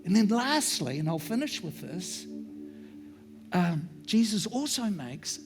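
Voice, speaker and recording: A middle-aged male pastor preaching a sermon in a church, sometimes dropping into hushed whispers for emphasis. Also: high voice, sing-song, slow, music in the background.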